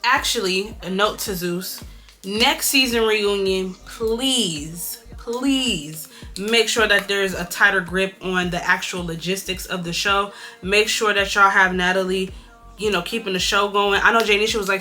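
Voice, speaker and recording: A woman's voice: mid-range voice, unhurried, soft background music. A young woman from California chatting bluntly and with plenty of swearing while doing a makeup tutorial. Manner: blunt, profane, animated gossip. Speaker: beauty vlogger.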